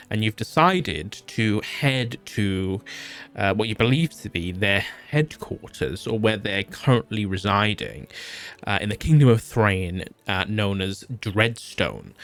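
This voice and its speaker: A man's voice: on the low side, a bit bright, smooth. A man serving as game master, recapping a tabletop campaign in a casual, laid-back way. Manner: casual, laid-back storytelling with loose asides.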